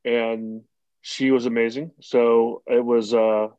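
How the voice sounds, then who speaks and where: A man calling into a group call, speaking haltingly with dry humor. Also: medium pitch, little pitch movement, mellow, smooth, no room sound, dull audio. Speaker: caller.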